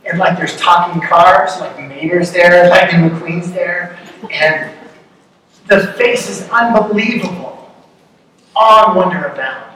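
A man's voice: high-pitched, fairly bright tone. A young man giving a conversational, joking sermon full of rhetorical questions. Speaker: pastor. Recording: echoey hall, distant mic, faint noise.

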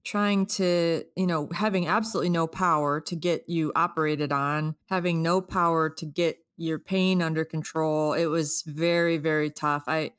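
A woman's voice: deep voice, steady tone, normal speed, hardly any pauses, clean tone, dry recording, clean studio sound. A middle-aged woman co-hosting a casual family podcast, talking with her grown daughter in a sympathetic, soothing way. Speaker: podcast co-host, mother of the guest.

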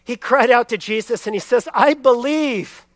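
A man preaching a sermon, telling a scripture story expressively and swinging between loud emphasis and hushed lines. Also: very high voice, steady tone, brisk, no room sound. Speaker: pastor.

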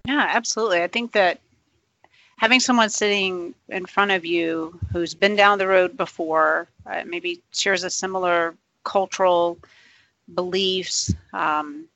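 An interviewer for a cancer charity, asking questions in a warm, encouraging, congratulatory way. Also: medium pitch, fairly even intonation, a little slow, no room sound, rough recording.

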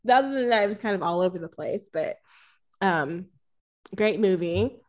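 A woman's voice: mid-range voice, expressive, normal speed, darkish tone. Brief: woman co-hosting a movie podcast, loose and chatty, keeps correcting herself. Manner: rambling, self-correcting, laughs often. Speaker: podcast host. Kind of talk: casual film-review chat.

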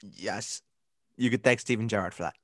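A man co-hosting a casual sports podcast, chatting and breaking into loud commentator and accent impressions. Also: fairly low pitch, normal speed, dry recording, clean studio sound. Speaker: podcast co-host.

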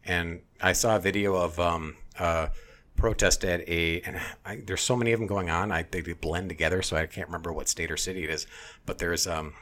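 Male podcast host, low register, blunt and profane, heated off-the-cuff delivery. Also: steady tone, a little fast, fairly bright tone. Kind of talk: casual opinionated chat.

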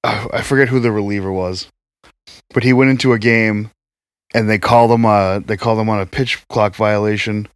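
A man's voice: on the low side, fairly even intonation, brisk, no room sound, studio quality. A man co-hosting a podcast in casual chat, bluntly contrarian and profane. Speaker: podcast co-host.

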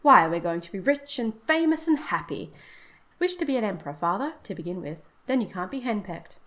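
A woman's voice: mid-range voice, very animated, moderate pace, natural voice. A woman voicing a cheeky young grown son who jokes and teases in a storybook reading. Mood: teasing. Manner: joking, mock-solemn.

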